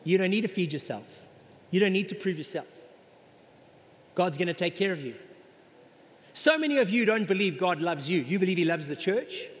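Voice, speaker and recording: High-voiced male pastor preaching in a reverberant hall. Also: normal speed, pauses often. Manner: animated preaching, acts out voices of the congregation. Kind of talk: sermon. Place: large church hall.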